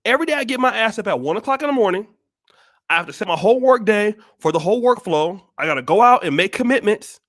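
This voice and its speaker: Male vlog host, very high voice, preachy and forceful, tough-love rant. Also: expressive, fast talker. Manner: blunt, scolding, repeats rhetorical questions. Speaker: channel host. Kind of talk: blunt motivational monologue.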